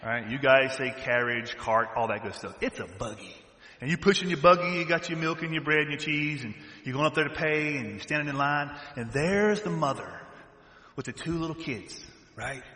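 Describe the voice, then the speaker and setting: Bright-voiced Southern preacher in an echoey hall. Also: male voice, on the high side, normal speed. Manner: animated, swings from loud to hushed. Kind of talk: sermon.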